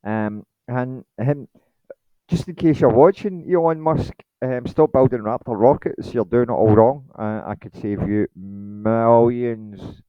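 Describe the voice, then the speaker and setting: A man's voice: mid-range voice, slow pace, clear, resonant tone, dry recording. Guy rambling late at night, swears, dry muffled sound. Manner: rambling, blunt, swearing, filler-heavy. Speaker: channel host.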